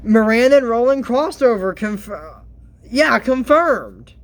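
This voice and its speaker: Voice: medium pitch, lively intonation, slow. A commentator recapping a cartoon in casual comedic commentary, exasperated, with laughing asides.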